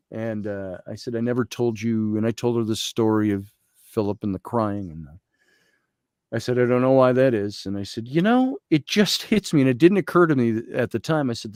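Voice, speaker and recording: Male guest storyteller, mid-pitched, animated, quotes others, dry close sound. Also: dry recording. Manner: reads aloud slowly from a journal. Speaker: guest, Egyptologist. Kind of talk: storytelling in a conversation.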